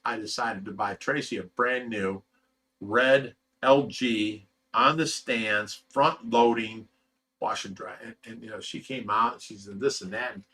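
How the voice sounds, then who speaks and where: A middle-aged man from Ohio talks casually on a livestream, his voice bright and forward. He rambles through heartfelt stories, trips over his words and reads out chat messages as he goes. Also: lowish voice, husky. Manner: emotional, rambling storytelling with fillers and laughs. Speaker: fish rescue channel host reading live chat.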